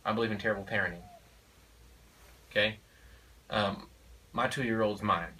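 A father of four shares his parenting views in a casual conversation, emphatic and preachy, often saying "you know" and "okay?". His lowish voice is pushed and bright, with fairly even intonation and a moderate pace. He's recorded from a distance on a rough recording.

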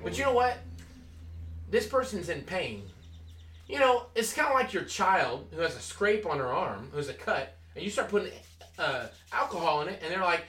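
A man, a Christian teacher, telling stories in a casual, animated way and acting out the voices of the people in them. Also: sits high, normal speed, echoey room, distant mic. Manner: animated, acts out quoted voices. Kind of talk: casual storytelling talk.

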